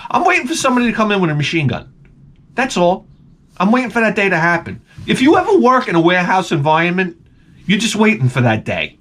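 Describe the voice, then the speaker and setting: A man telling a comedic story in an animated rant, swearing and stammering through restarts. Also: high-pitched, a little fast. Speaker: comedic vlogger.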